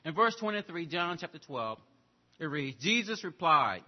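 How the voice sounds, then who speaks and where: A man preaching a sermon, telling a story and swinging between loud exclamations and hushed asides. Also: a little high, big pitch swings, normal speed, dull audio. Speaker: pastor.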